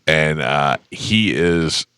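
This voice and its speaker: A man's voice: a bass voice, extremely slow, smooth, no echo. A man hosting a morning radio show in a studio, telling stories in casual banter and acting out the quotes. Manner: animated storyteller, acts out quotes in funny voices. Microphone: studio microphone.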